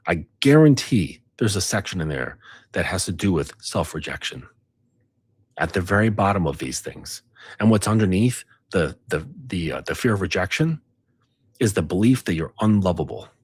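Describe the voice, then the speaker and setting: Male coach, low husky voice, lively pitch, dry close sound. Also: no room sound. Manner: insistent, repeats tag questions. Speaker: dating coach. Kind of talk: casual advice monologue.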